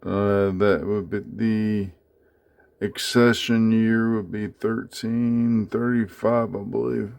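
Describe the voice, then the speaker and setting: A man casually talking through his coin collection in a home vlog, halting with many fillers as he handles each piece. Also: on the low side, flat delivery, vocal fry, a little mellow. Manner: unhurried, many fillers, speaks haltingly while handling items. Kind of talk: casual show-and-tell vlog.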